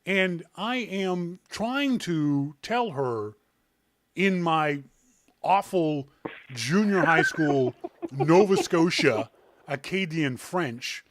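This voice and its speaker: Animated Canadian man, lively pitch. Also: extremely slow. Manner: animated storyteller, laughs often. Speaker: podcast host. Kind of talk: casual chat.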